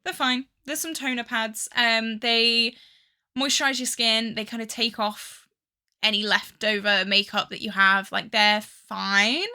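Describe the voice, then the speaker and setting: A woman's voice: a little high, steady tone, measured pace, bright, forceful tone. A young woman with a Midlands accent and a touch of Scouse, chatting casually through a beauty product review, indecisive and full of fillers. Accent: English Midlands with a hint of Scouse. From England. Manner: chatty and indecisive, with many fillers and dramatic sighs over choices. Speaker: beauty vlogger.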